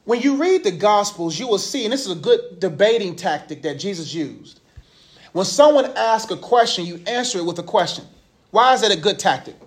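Man, 30s, high voice, casual youth Bible lesson, slangy, joking, asks the group questions. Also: animated, fairly quick.

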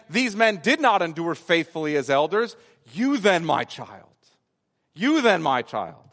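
A male pastor preaching an expository sermon, stressing key phrases by repeating them and slowing down on important words. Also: fairly high pitch, a bit bright, big-room sound. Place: church sanctuary.

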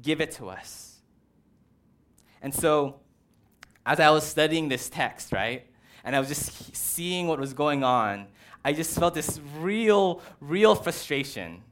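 A man preaching a conversational sermon in a casual, animated way, with personal stories. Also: fairly high pitch, unhurried. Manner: casual, animated, uses "like" and "right".

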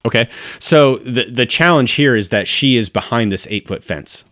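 A man running a tabletop game as game master, describing scenes and dropping to a hush at dramatic beats. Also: mid-range voice, lively intonation, moderate pace, no echo, studio quality.

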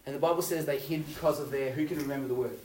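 A man preaching a youth sermon, telling stories with swings from loud to hushed. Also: medium pitch, fairly even intonation, very fast. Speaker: youth pastor. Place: youth hall. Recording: roomy hall, voice from far off.

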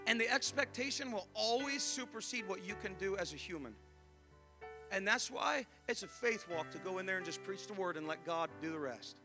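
High bright-voiced preacher guy in his 30s, telling a story in a sermon, gets loud then quiet, little music in back. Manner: animated, swings between hushed asides and shouted re-enactments. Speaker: evangelist preacher.

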